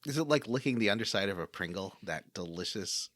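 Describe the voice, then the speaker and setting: A man's voice: on the low side, animated, a little fast, a bit bright, dry recording, studio quality. A man co-hosting a gaming podcast, chatting casually and enthusiastically with rambling restarts. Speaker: podcast co-host.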